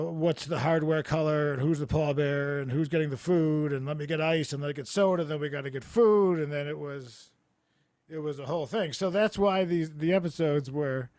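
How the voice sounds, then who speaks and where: A man hosting a comedy podcast over a video call, telling rambling stories with deadpan absurd jokes. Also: a little high, no echo, studio quality. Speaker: podcast host. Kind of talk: casual comedic chat. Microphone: remote video call.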